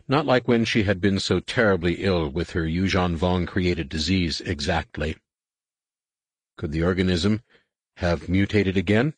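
A man narrates a novel in a steady, measured way. His voice is low with a husky grain. The recording is close and dry. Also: no room sound. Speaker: audiobook narrator. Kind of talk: scripted narration.

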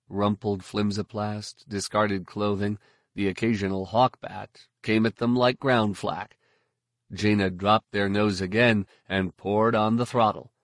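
A man reading scripted audiobook narration in a steady, even storytelling manner. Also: lowish voice, no room sound, studio quality.

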